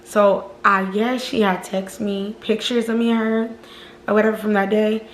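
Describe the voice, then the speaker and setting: A woman's voice: mid-range voice, moderate pace, a little hiss or hum. Woman telling a storytime in a roomy echo. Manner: animated, profane, keeps addressing viewers as "y'all". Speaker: storytime vlogger. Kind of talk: casual storytime chat to viewers.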